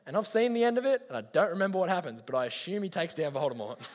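A man's voice: high voice, lively intonation, fast. A young man giving a chatty, slangy youth talk, speaking straight to his listeners. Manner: chatty, slangy, addresses audience directly. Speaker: youth leader. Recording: long hall reverb.

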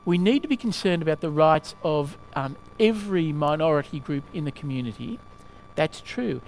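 A male preacher giving a sermon in a halting way, often asking the listeners questions. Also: on the high side, animated, darkish tone, slight background noise.

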